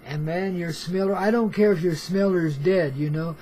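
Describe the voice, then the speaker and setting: A man's voice: a little high, steady tone, moderate pace, few pauses, warm tone, rough recording. An older man telling a rambling story as a radio storyteller, in laid-back hippie slang, calling his listeners baby and man. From Oregon. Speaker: storyteller host. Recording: faint background noise.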